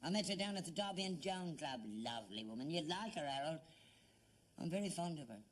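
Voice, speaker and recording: A man's voice: on the high side, lively intonation, brisk. An older man with a London Cockney accent, acting an elderly father in a sitcom, earnest and stubbornly defensive. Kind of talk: 1970s British sitcom acting.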